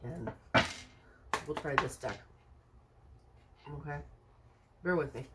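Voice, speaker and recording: A woman's voice: low-pitched, slow pace, very noisy. Chatty woman musing through a tarot reading. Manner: thinks aloud, musing with many fillers and rhetorical questions; chatty and reassuring toward the viewer. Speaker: tarot card reader. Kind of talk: casual tarot reading to camera.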